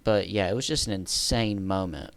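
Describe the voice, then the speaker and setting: A man's voice: low voice, moderate pace, gravelly, no echo. A man telling a story in a casual storytime monologue, rambling, correcting himself and laughing at his own story. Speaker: storyteller vlogger.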